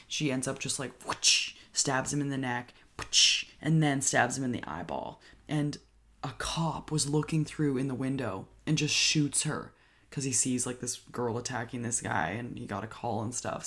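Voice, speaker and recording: A speaker casually recapping a horror film, excitable and full of fillers and swearing. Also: medium pitch, moderate pace. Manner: excitable, heavy use of "like", swears. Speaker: horror movie reviewer.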